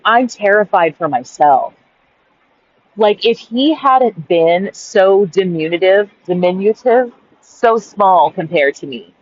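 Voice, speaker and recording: A woman's voice: fairly low pitch, darkish tone. A woman recording a casual journal-style rant in her car by a busy street, exasperated and swearing, often asking "right?". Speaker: vlogger. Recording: dull lo-fi sound.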